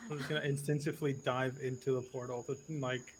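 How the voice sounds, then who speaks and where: A man playing a tabletop game, jokey and full of hesitant pauses. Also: medium pitch, level tone, crowd noise, poor audio. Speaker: player. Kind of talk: casual tabletop play.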